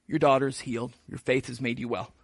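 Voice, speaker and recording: A man voicing a calm male teacher who speaks in a casual, offhand way in a retelling from a sermon. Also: medium pitch, a little fast, vocal fry, no echo, studio quality, pitched below the performer's own voice.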